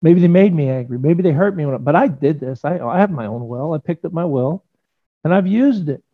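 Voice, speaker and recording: A man's voice: on the high side, animated, a little fast, phone-quality sound. A man preaching a sermon in a church, earnest and conversational, acting out quotes from his listeners and stories. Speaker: pastor. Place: church sanctuary.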